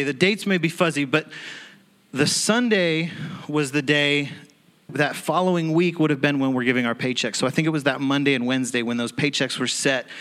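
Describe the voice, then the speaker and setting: A young man telling a personal testimony in a sermon, animated and acting out the people he quotes with laughing asides. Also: mid-range voice. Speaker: church speaker telling a testimony.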